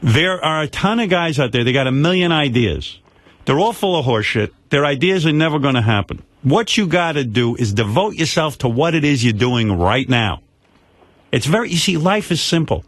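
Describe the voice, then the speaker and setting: Older male radio host, blunt and preachy, animated delivery, dry studio mic. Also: fairly high pitch, moderate pace, dry recording. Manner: blunt, lecturing advice. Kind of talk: radio call-in talk.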